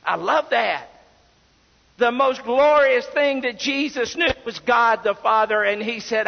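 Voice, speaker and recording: High-voiced man preaching in a hall. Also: unhurried, vocal fry. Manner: preaching with repeated rhetorical questions. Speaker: pastor. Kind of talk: sermon. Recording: dull recording with long hall reverb.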